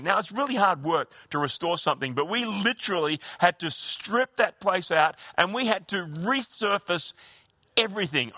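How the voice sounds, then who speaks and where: A man delivers a sermon in a high, bright voice. He preaches conversationally, stumbling and restarting phrases as he goes. The sound is close and dry, with no room around it. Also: no echo. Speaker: pastor.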